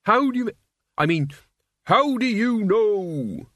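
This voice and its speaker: A man's voice: on the high side, animated, normal speed, no room sound, studio quality, voice pushed up. A man doing a flustered young apprentice. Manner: flustered, stammering, plaintive. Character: awkward, anxious young man, apprentice to Death.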